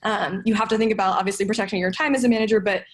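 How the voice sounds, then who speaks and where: Young woman podcast guest, earnest and reflective, mid-pitched voice. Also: steady tone, very fast. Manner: thoughtful, earnest, many fillers and restarts. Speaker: podcast guest, sales development manager. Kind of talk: casual podcast conversation.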